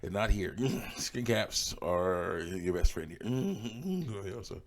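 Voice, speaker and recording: Man, low-pitched, reading comments out loud, short blunt comebacks, frequent chuckles. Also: animated, slow pace. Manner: chuckles often between remarks; blunt, dismissive retorts. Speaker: online commentator.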